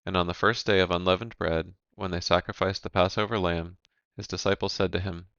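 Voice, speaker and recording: A man giving a measured, even reading of Bible scripture, announcing each section heading. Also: deep voice, vocal fry, clear, resonant tone, no echo, highs cut off. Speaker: scripture reader.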